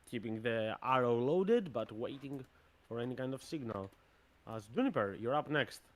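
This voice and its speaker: A man running a tabletop game as game master, thinking aloud in a plain, even way. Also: medium pitch, moderate pace.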